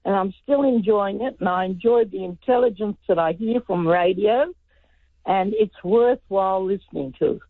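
A woman's voice: medium pitch, moderate pace, no room sound. A woman in her seventies calling in to a radio show, reminiscing. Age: 70s. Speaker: caller. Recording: phone line.

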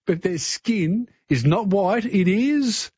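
Male radio quiz host, husky, chatty, dry muffled broadcast sound. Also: sits high, lively intonation, slow pace, darkish tone, no echo. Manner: chatty, encouraging, prompts callers with hints.

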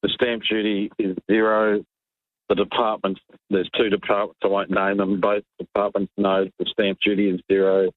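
An exasperated Australian man rants down a tinny phone line to a radio host, with a touch of sarcasm. His voice sits low, and the call sounds dry and close. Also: level tone, normal speed, no echo. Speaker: caller.

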